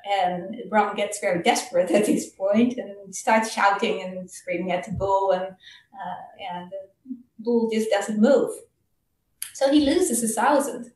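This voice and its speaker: A woman's voice: medium pitch, a little mellow. Woman telling a story, roomy and distant. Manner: casual, halting, many fillers. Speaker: Dhamma speaker. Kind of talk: storytelling in a Buddhist talk.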